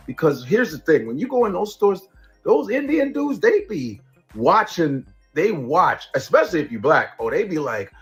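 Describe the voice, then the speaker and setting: A man telling a funny story on a live stream, animated and profane, laughing at his own jokes. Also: fairly high pitch, moderate pace, soft background music.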